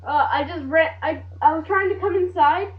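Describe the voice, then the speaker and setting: A woman's voice: high voice, moderate pace. A woman chatting casually as a guest, rambling and playful. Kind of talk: casual chat. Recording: dull lo-fi sound from off-mic with music behind.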